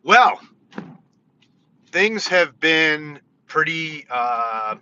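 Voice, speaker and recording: A man's voice: a little high, sing-song, extremely slow, pushed and bright, clear, resonant tone, no echo, dull audio. A man talking in a casual vlog, frank and rambling, counting his points off one by one. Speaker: vlogger. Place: California.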